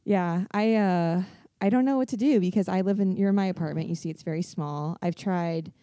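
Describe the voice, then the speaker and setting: A young woman hosting a podcast in relaxed, chatty talk, asking her guest questions. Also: on the low side, a little fast, no room sound. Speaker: podcast host. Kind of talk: casual podcast chat.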